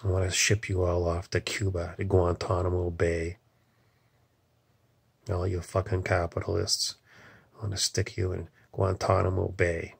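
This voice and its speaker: A man's voice: low voice, monotone, unhurried, vocal fry, breathy edge. A man in an angry, rambling political rant, swearing often and leaning on "you know". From Canada.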